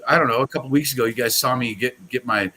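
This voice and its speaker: Poor audio captures a mid-pitched man talking fast in a pushed, bright voice. He's the owner of a pool products company appearing as a podcast guest, and his casual, enthusiastic talk wanders with frequent restarts.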